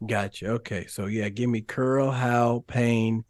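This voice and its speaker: A man, a former pro football receiver, tells stories on a podcast with lots of laughter and sudden jumps in pitch. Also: unhurried, no echo. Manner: animated storyteller, laughs often, sudden rises in pitch. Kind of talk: casual podcast chat and storytelling.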